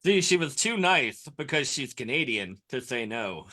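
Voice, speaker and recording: A man's voice: medium pitch, big pitch swings, normal speed, sharp tone. A man co-hosting a comedy podcast, telling a story playfully with dramatic emphasis. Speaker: podcast co-host. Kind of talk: casual comedy podcast banter.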